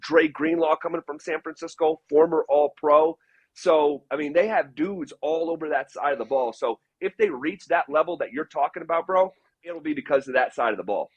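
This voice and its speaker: A man with a slightly husky, fairly high voice talks football with emphatic, animated energy. The sound is dry and close. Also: no echo, highs cut off. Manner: animated, emphatic, fast riffing. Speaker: radio sports host, guest. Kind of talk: casual sports analysis.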